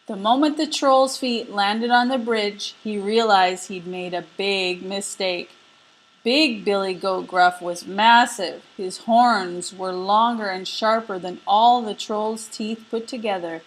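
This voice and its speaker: A woman narrating a folk tale in an expressive storybook reading. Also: medium pitch, slow, low-quality recording.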